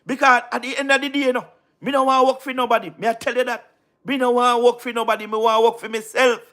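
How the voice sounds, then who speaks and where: A Jamaican man with a very high, bright voice, chatting on a casual livestream. He talks emphatically, repeats his points and keeps checking that you understand. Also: steady tone, fast. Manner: repetitive, emphatic, keeps asking "you understand what I mean?". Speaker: livestream host.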